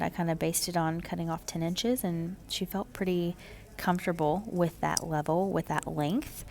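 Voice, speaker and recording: A woman casually narrating her home haircut video, chatty and relaxed, with lots of "um"s and "kinda"s. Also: fairly low pitch, creaky.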